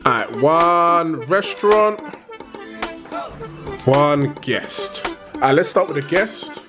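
A young man chats casually as a food vlog host. His voice sits a little high and he stretches out his words in a relaxed, joking way. Music plays behind him. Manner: laid-back, jokey, drawn-out words.

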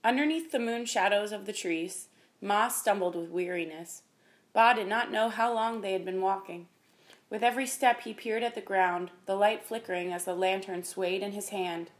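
A woman reading a children's chapter book aloud in a calm, even manner. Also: medium pitch. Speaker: reader. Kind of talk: storybook reading.

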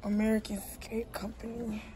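A woman's voice: on the high side, flat delivery, normal speed, warm tone, slight background noise, poor audio. A young woman, a mother chatting to her viewers on a phone while shopping in a big store. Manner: chatty, addresses viewers as y'all. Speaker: vlogger, mother. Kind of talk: casual vlog while shopping. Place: large store indoors.

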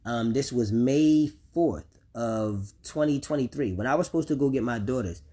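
A man's voice: medium pitch, moderate pace, mellow, breathy edge. A man speaking to viewers about his children, heated and repetitive, swearing often. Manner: talks directly to listeners. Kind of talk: unscripted personal vlog rant.

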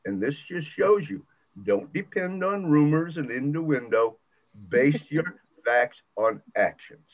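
A man's voice: a little high, expressive, slow. An older man retelling a folk tale with a moral in a folksy, dramatic way, heard over a video call. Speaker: church member telling a story. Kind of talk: storytelling with a moral. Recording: tinny video call audio.

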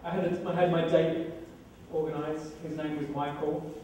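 A man's voice: fairly high pitch, flat delivery, moderate pace, mellow, recorded from a distance, slight background noise. Wry British man telling a story in an echoey room. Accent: British English. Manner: wry, self-deprecating comic delivery. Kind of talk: live stage storytelling. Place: event room with live audience.

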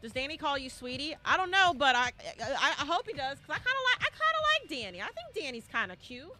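A young woman streaming a horror game live, chatting to viewers and bursting into shouts and squeals. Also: sits high, sing-song, quick pace, over loud music. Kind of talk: live gameplay commentary.

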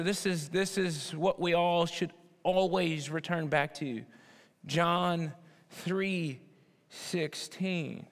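Animated preacher man in a reverberant hall. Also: slow pace. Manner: animated, swings from loud emphatic bursts to low quiet asides. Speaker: pastor. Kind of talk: sermon.

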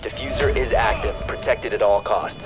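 Man doing a clipped military game announcer, low voice, flat delivery, gunfire behind. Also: moderate pace, soft background music, close to an everyday voice. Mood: curt. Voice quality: flat, clipped radio-style callouts. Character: male military game announcer, terse and impersonal.

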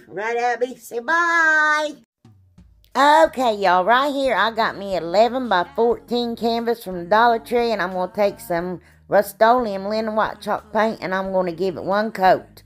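A craft channel host runs a casual tutorial in a chatty, folksy style, throwing in many "anyway"s and "y'all"s, her voice a little froggy from allergies. She speaks in a mid-range voice at a moderate pace, hardly pausing, with soft background music playing.

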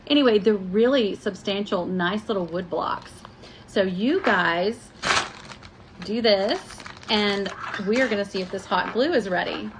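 Amid background noise, a craft vlogger with a medium-pitched voice talks a little slowly through a live tutorial. She works on a project at her home table, chatty and self-deprecating, addressing viewers as y'all.

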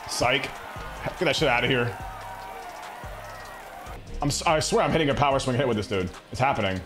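A young man streaming a baseball video game, reacting in excitable, slangy commentary that swings between loud hype and low muttering. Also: normal speed, over music. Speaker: gaming streamer. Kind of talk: live gameplay commentary.

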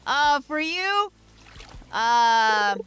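A woman's voice: high-pitched, very animated, very slow, fairly bright tone. A woman streaming a game, chatting playfully and giggling as she talks to the characters on screen. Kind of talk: casual gameplay commentary. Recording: faint background music.

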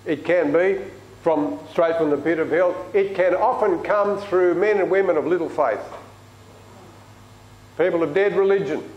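A man's voice: a little high, echoey room, muffled recording. A man preaching a sermon in a chatty, storytelling way in a church.

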